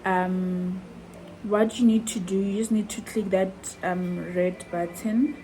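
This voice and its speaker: A woman talks to her vlog audience in an unhurried, heartfelt way. Her voice is mellow and soft-edged, and there is a faint hiss of noise behind her. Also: medium pitch, fairly even intonation, rough recording. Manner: heartfelt, chatty, addresses viewers as guys. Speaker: vlogger. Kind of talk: casual vlog chat.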